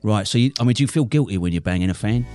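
A man co-hosting a podcast interview with deadpan, swaggering, profane comic banter. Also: lowish voice, rapid-fire, soft background music. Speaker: podcast co-host.

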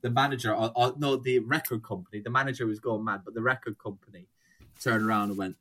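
Young guy, casual storyteller, salty language, mid pitch. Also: steady tone, fast talker, sharp tone. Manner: rambling storyteller, swears freely, acts out quotes. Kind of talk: casual chat.

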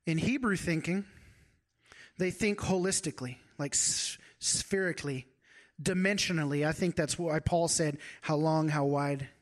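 Male pastor giving a heartfelt sermon, fairly high voice, earnest and softly intense. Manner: earnest, heartfelt, slow and hushed at times.

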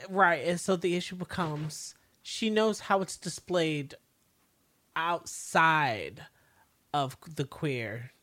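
Slow thoughtful lady podcaster musing out loud. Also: low-pitched. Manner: slow, thoughtful, drawn-out phrasing. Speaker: podcast co-host. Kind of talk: casual history podcast chat.

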